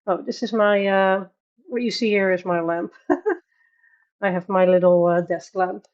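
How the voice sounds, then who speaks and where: A woman's voice: mid-range voice, fairly even intonation, measured pace, darkish tone, muffled recording. A woman with a Dutch accent hosting a casual coloring livestream from her bedroom, chatting, laughing often and greeting viewers by name. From Netherlands. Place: home bedroom.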